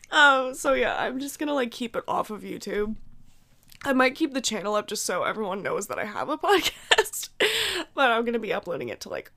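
A woman's voice: a little high, vocal fry, a bit bright. A young woman hosting her own podcast alone, sounding sick, rambling casually with lots of "like" and swearing, and laughing at herself. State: sick, throaty. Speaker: podcast host. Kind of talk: casual solo podcast chat.

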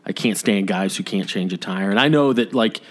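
A man's voice: on the low side, normal speed. A man co-hosting a podcast in casual chat, telling stories in a laid-back, rambling way with joking asides. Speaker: podcast co-host.

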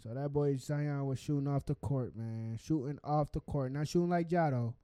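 A man's voice: medium pitch, normal speed, warm tone, clean tone, no room sound. A man co-hosting a casual podcast, laid-back, laughing often and joking around. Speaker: podcast co-host. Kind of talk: casual chat.

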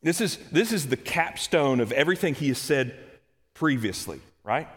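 Guy preaching a sermon, goes quiet then loud and urgent, echoey church hall. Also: fairly high pitch, normal speed. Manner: animated preaching, swings from soft hushed reading to loud urgent outbursts. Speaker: pastor.

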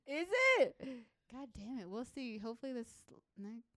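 A woman co-hosting a casual podcast, teasing and quick with jokes and reactions. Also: a little high, a bit bright, dry recording, clean studio sound. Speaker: podcast co-host. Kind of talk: casual chat.

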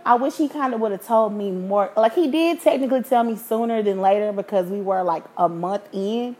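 A woman's voice: medium pitch, normal speed, few pauses. Candid, profane woman in her thirties. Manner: frank, profane, animated. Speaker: podcast host. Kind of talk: candid storytelling.

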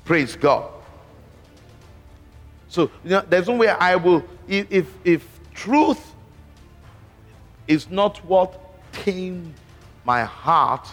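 A man preaching a sermon slowly and emphatically, with repeated interjections of praise. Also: sits high, animated, a bit bright. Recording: long hall reverb with faint music.

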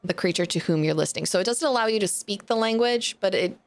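A woman running a tabletop game, her mid-pitched voice carrying a gravelly fry. She reads out item descriptions and rulings in a relaxed, easygoing way, dropping fillers as she goes. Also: fast. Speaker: game master.

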